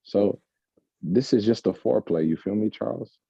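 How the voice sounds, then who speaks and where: A man co-hosting a podcast in casual, joking chat, now and then breaking into slow crooning. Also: on the low side, gravelly, warm tone, breathy edge, no echo. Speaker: podcast co-host. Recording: dull lo-fi sound.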